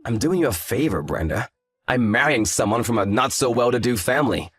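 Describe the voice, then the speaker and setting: A man's voice: medium pitch, lively intonation, brisk, fairly bright tone, dry recording, soft background music. A man voicing an arrogant, hungover young fiancé who talks in a lazy, condescending, sarcastic way. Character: arrogant hungover male fiancé, dismissive and smug. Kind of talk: scripted story drama.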